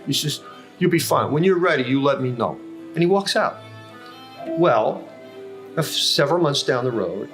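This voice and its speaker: An older man in a coffee house telling long career stories as a podcast guest, with many fillers and self-corrections. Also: on the low side. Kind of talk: casual storytelling. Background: music playing.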